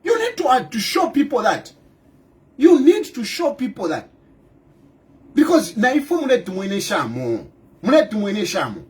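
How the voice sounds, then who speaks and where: Middle-aged Zambian male politician, very high and swooping voice, hammers rhetorical questions, bursts into shouts. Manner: breaks into loud outbursts. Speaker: opposition party leader. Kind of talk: impassioned political monologue.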